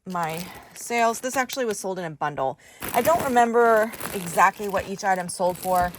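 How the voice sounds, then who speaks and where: In her casual work-with-me vlog, a middle-aged reseller chats with viewers while moving through her storage area and hunting through bins and shelves. She has a mid-range voice with lively intonation and a moderate pace, over some background noise.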